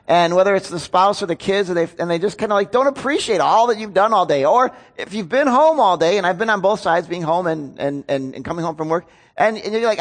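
A man preaching a sermon as pastor, conversational and self-deprecating, often asking his congregation questions. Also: high-pitched.

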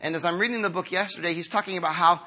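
A man in his fifties preaching a sermon to a congregation, earnest and conversational, moving from quiet, slow lines to emphatic ones. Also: high-pitched. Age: 50s. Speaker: pastor.

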